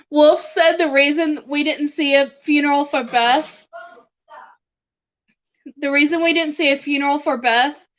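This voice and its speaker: A woman's voice: high voice, fairly bright tone, lo-fi sound. A young woman streaming live, chatting casually with her viewers and her dog and laughing often.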